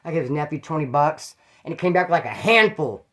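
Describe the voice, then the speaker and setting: A man's voice: on the high side, animated, fast talker, a bit bright. A man from Bakersfield, California, telling prison stories in a slangy, profane, rambling way with frequent asides. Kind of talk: casual storytelling monologue.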